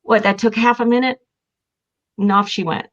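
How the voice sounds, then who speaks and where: A woman's voice: a little high, fairly even intonation, normal speed, highs cut off. An older woman telling heartfelt family stories in casual talk, emotional and sometimes tearful. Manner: emotional, heartfelt, crying at times. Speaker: guest. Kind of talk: casual storytelling.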